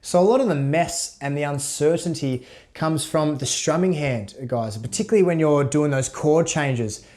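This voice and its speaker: A man giving a casual guitar lesson, relaxed, counting beats aloud as he demonstrates. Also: on the high side, normal speed. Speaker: guitar teacher. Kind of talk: casual instructional talk. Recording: loud guitar under voice. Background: guitar playing.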